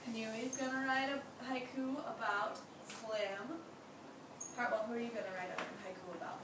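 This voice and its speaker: With a fairly high pitch, a steady tone and a moderate pace, she runs the class, asking many questions and offering encouragement. The audio is distant and echoey, with noise in the background.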